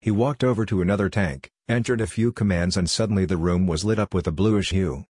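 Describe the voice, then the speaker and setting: A man narrating a science-fiction story in plain, even scripted narration. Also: sits low, a little fast, husky, no room sound, studio quality.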